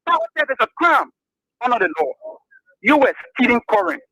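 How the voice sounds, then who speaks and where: A man's voice: very high voice, sing-song, brisk, bright, forceful tone, no echo, low-quality recording. A man with a Liberian accent calling in to a radio talk show and arguing his point, repeating himself as he goes. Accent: Liberian English. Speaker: caller. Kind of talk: call-in radio opinion.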